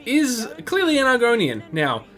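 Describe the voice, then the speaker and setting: A man's voice: very high-pitched, wildly swooping pitch, moderate pace, sharp tone. A man hosting a let's play, giving chatty, rambling gameplay commentary full of restarts and laughs. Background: game music.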